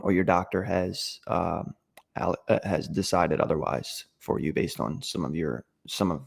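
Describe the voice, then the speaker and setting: A young man with a lowish voice explains fitness in a casual podcast chat. He talks in an emphatic, sure way, with lots of "um"s. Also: creaky. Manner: emphatic, confident, lots of fillers. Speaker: fitness coach.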